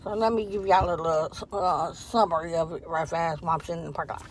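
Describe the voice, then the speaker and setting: A woman's voice: on the low side, fast, slight background noise. A woman, telling a story in a casual vlog from her parked car, acting out what people said. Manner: chatty, animated retelling with quoted dialogue. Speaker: vlogger.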